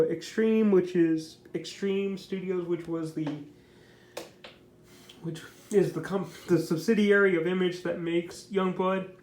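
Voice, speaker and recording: Man reviewing comics, fairly high voice, monotone, rambling with fillers, echoey room. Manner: rambling, heavy on fillers like "basically" and "like"; enthusiastic, repeats his praise. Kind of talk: casual video review. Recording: roomy echo.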